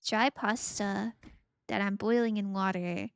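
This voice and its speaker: Slow, gravelly-voiced woman streamer. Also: medium pitch, fairly even intonation, dry recording. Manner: playful, rambling, giggly, reads out chat. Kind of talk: casual live-stream chat while gaming.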